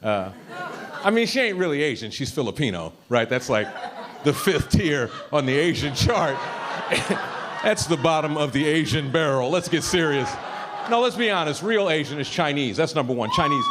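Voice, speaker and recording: Male stand-up comic, live club set, lively swooping voice, audible crowd noise. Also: on the high side, normal speed. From Ohio. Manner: animated, punchy delivery with asides to the crowd. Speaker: stand-up comedian. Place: comedy club stage, audience laughing.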